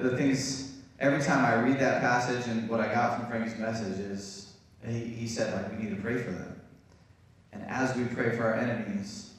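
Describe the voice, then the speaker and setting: A man's voice: mid-range voice, recorded from a distance. A man preaching a casual, chatty sermon as pastor, speaking to his congregation with friendly asides. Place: church hall. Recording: very echoey church room, voice from off-mic.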